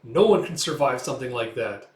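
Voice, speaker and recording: A man voicing a stern, skeptical male interrogator who speaks slowly and doubtfully, in a roomy recording. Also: mid-range voice, expressive, close to an everyday voice. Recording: roomy echo.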